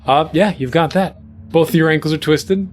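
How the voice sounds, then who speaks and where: A man's voice: on the high side, moderate pace, soft background music. A young adult man narrating as game master, in a rambling way full of fillers.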